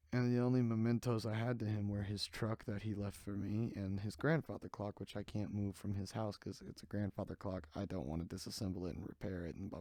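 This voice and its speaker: Casting note: male podcast host, low voice, dry close mic, tired and candid. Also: creaky, warm tone, no echo. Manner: rambling, candid, jokey. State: sleepy, yawning. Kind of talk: casual solo podcast chat.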